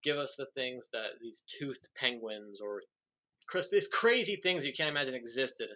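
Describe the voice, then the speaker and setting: A man's voice: medium pitch, expressive, moderate pace, pushed and bright. A young man in casual chat, explaining things with eager enthusiasm. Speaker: podcast guest.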